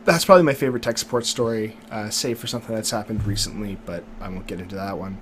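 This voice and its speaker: A man's voice: lowish voice, fast talker, a bit bright, a little hiss or hum. A young man co-hosting a podcast, chatting in an easygoing, self-mocking way and swearing casually. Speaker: podcast co-host. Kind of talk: casual chat.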